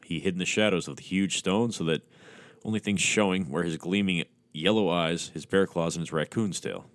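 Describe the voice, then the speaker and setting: Deep-voiced man reading horror with crude mockery. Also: normal speed, no room sound. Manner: crude, mocking asides. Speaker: podcast host. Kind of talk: sardonic horror story reading.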